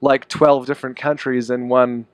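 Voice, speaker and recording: A man's voice: medium pitch, level tone, normal speed, clear, resonant tone, no room sound. New Zealand man, easygoing interview chat. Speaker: band musician, interview guest.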